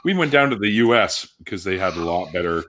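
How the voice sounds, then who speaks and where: A man's voice: deep voice, animated, fast talker, a bit bright. A man with a Canadian accent chatting casually on a stream, laid-back, swearing and laughing often. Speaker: streamer, channel host. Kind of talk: casual chat. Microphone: desk mic he keeps bumping.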